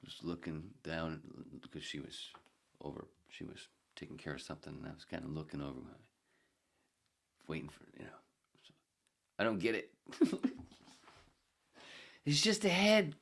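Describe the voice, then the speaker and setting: A man's voice: a bass voice, moderate pace, gravelly. A man hosting a podcast, rambling through a joke, swearing freely and chuckling at himself. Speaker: podcast host. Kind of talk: casual rambling podcast monologue.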